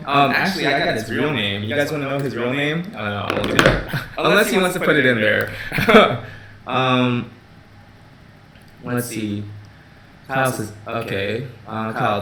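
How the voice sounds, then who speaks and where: A man's voice: medium pitch, normal speed, long pauses. Man, casual livestream host, rambling restarts, roomy echo, crowd murmur behind. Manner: conversational, repeats words and restarts, many "you know" and "right?". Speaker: groomer hosting a live Q&A stream. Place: his office space.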